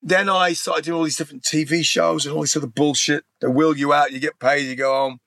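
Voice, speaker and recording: A man's voice: fairly high pitch, level tone, a little fast, vocal fry, fairly bright tone, dry recording. A middle-aged man from England telling his life story in a candid, rambling interview, swearing freely and restarting his sentences. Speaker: interview guest.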